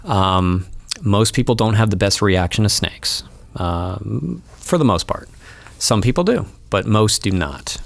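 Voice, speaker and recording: Low-voiced man explaining patiently. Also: expressive, a little slow, gravelly, dry recording. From Florida. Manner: explanatory, patient, many ums and restarts. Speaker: guest wildlife removal expert. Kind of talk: casual studio interview. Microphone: studio mic.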